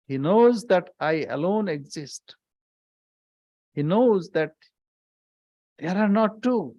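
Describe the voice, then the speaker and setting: A male swami leads a scripture class at an unhurried, measured pace, often repeating a line to drive it home. He breaks into chanted verses between his explanations. The recording is dry and close, with almost no room sound. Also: sits high, lively intonation, a little mellow, no echo, highs cut off. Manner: deliberate, repeats phrases for emphasis, chants verses.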